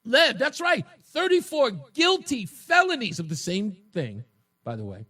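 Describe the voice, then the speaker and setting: A male talk radio host with a high, lively voice that leaps around in pitch. He mocks and taunts his opponents, rising to shouts and dropping to low jeers. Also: unhurried. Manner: mocking, combative, swings between shouting and low taunts. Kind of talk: opinionated political talk radio monologue.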